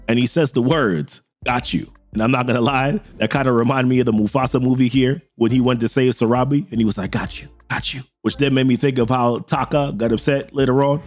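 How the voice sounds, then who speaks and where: A man casually recapping a comic book story, chatty and animated, with asides to the viewer. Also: medium pitch.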